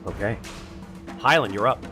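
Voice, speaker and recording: A man narrating a tabletop game as dungeon master in a lively, animated way. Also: on the low side, normal speed, music in the background.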